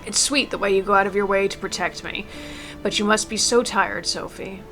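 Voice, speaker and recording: A woman reading aloud as an elderly mother, gentle and tender, with small stumbles. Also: mid-range voice, steady tone, fairly quick, soft background music, natural voice. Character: elderly mother writing a farewell letter. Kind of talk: reading a game letter aloud.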